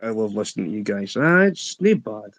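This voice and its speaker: A man's voice: on the low side, sing-song, brisk, a bit bright, no echo. A man with a Scottish accent chatting casually on a live stream, laid-back, laughing easily and hesitating with fillers.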